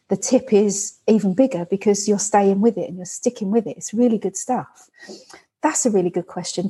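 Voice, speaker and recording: A woman's voice: medium pitch, mellow, breathy edge. A woman hosting a podcast interview, chatty and encouraging, often speaking straight to listeners. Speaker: podcast host and running club organiser. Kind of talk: casual interview.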